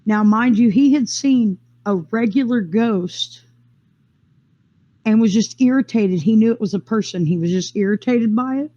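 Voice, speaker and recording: A woman telling her own story in a casual, rambling way, with quick bursts, fillers and restarts. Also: a little high, dark tone, dull audio. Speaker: interviewee sharing a personal experience. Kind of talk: casual first-person storytelling.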